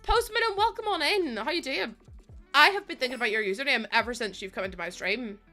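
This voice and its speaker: A woman's voice: high-pitched, animated, fast, bright, forceful tone, faint music behind. A woman streaming live, chatting casually with her viewers, greeting them and laughing often.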